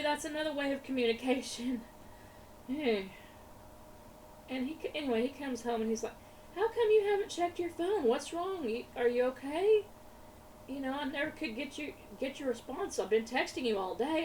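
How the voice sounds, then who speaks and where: A woman, chatting in a rambling way while she crafts, often laughing and repeating her words. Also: on the high side. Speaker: craft vlogger. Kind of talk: casual chat while crafting. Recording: slightly distant mic with faint room noise.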